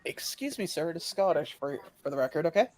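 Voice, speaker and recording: Guy with a high voice ribbing the others on a livestream, giggly. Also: animated, fast, a little mellow. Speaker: guest. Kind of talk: casual livestream chat.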